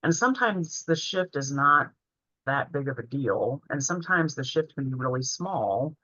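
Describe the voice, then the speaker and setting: A woman's voice: a bass voice, expressive, normal speed, a bit bright, dry recording. A woman in her forties telling a heartfelt personal story in an earnest way while presenting a training session. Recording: dull, lo-fi, dry sound.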